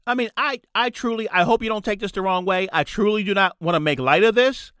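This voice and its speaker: Podcast guy ranting solo, forceful voice, repeats himself a lot, dry close mic. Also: sits high, fairly quick, clean tone, dry recording. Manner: ranting, repeats points for emphasis. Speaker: podcast host. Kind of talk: solo political commentary.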